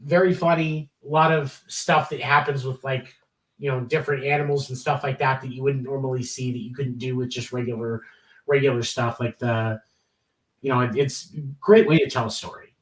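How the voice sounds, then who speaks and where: A man's voice: medium pitch, steady tone, brisk, far from the mic. Rambling male podcast co-host in an echoey room. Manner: rambling, many restarts, enthusiastic about comedy. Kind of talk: casual chat.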